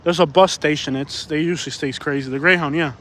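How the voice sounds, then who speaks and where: A man's voice: fairly high pitch, fairly even intonation, fast, fairly bright tone. Rambling man streaming while walking. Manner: rambling, repeats himself, reads chat aloud. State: out of breath from walking. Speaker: live-stream vlogger. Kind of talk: casual live-stream walking commentary. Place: outdoors on city streets.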